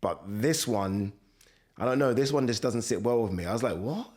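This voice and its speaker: A man's voice: lowish voice, moderate pace, a little mellow. A man giving blunt, exasperated boxing opinions in a casual vlog, swearing and asking rhetorical questions. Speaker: boxing commentator.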